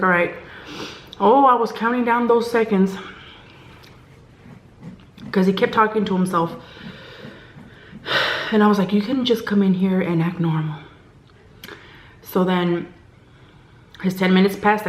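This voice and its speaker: A woman vlogger casually telling a story from work, acting out what people said to her. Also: medium pitch. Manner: chatty, animated quoting of others; drops to a hushed whisper at tense moments. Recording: echoey room.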